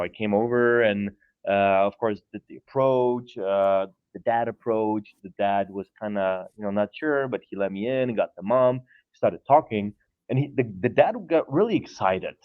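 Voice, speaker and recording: A man from Poland with a Polish accent, a podcast guest telling stories in an animated way, repeating words and laughing often. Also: lowish voice, narrow, tinny audio. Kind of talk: casual storytelling.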